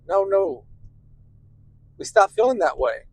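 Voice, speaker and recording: A middle-aged man, a therapist hosting a show, explaining to listeners in an animated, conversational way, often asking "right?" and acting out quoted voices. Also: high voice, a little slow, no room sound, low-quality recording. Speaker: therapist and podcast host.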